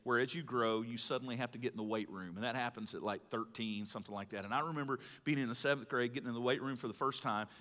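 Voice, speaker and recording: A middle-aged man from Mississippi, preaching a live sermon in a folksy storytelling way that swings between loud and hushed. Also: medium pitch, fast, hardly any pauses. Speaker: pastor. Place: large church hall. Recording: live hall with long reverb.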